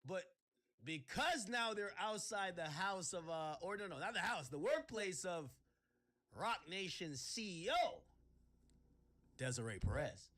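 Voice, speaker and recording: High, animated man ranting on stream. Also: measured pace. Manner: animated, sarcastic, breaks into shouts. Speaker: livestream host. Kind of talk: casual livestream rant.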